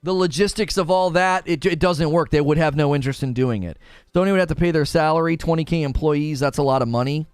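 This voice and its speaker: A man's voice: fairly high pitch, fast talker, darkish tone, clear, resonant tone, no room sound, studio quality, soft background music. A man hosting a casual gaming live stream, arguing both sides of a point and reading chat messages aloud. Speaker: livestream host.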